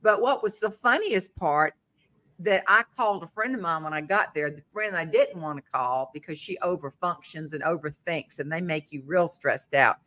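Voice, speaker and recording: A humorist guest from the Southern United States, this middle-aged woman has a deep voice and speaks at normal speed with a Southern accent. In a casual chat she tells a funny story, animatedly imitating the voices of the people in it.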